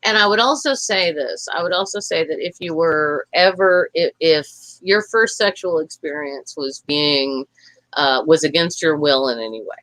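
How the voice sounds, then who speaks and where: Frank rambling Southern woman, bright tone. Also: low-pitched, moderate pace, no room sound, low-quality recording. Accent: Southern American. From Tennessee. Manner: rambling, frank and profane, with many fillers. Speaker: podcast co-host. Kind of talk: casual chat.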